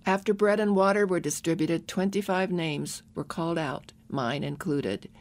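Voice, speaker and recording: Audiobook narrator: a woman with a lowish voice, measured and earnest. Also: a little mellow.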